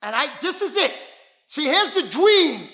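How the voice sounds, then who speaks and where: High-pitched, emphatic motivational man. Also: big pitch swings, unhurried. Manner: emphatic, repetitive, bursts into shouting. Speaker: martial arts instructor. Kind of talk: motivational storytelling. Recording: echoey room.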